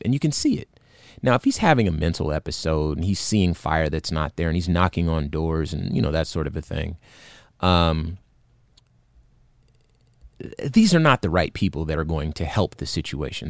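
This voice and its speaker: On his podcast, a man recounts a video with earnest, indignant commentary, full of fillers and restarts. His voice is low, and the dry recording is of studio quality.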